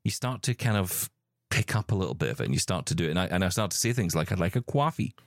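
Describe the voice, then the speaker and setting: A man's voice: deep voice, very fast, dry recording, clean studio sound. A man hosting a tech podcast in casual, jokey chat with his guests. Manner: chatty, jokey, animated. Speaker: podcast host.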